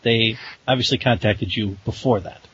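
A man's voice: fairly low pitch, fairly even intonation, moderate pace, a bit bright, husky, no room sound. A man hosting a podcast interview, asking questions in a friendly, folksy way. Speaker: podcast host. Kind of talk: casual interview. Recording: dull lo-fi audio with faint hiss.

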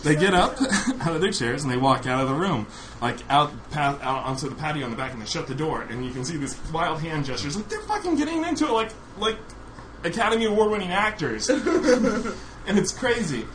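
A man's voice: a little high, expressive, fairly quick. A man casually telling a funny story on a podcast, laughing often as he goes. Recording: noisy recording.

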